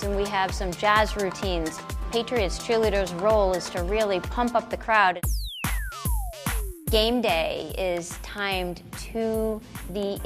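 A middle-aged woman, a cheerleading director, speaking proudly and warmly in a documentary interview. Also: medium pitch. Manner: warm, proud.

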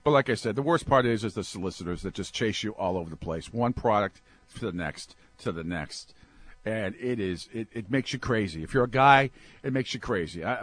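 A man hosting a sports talk show, ranting in a comic, exasperated way and swinging from low mutters up to yelps. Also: a bit bright, dry recording.

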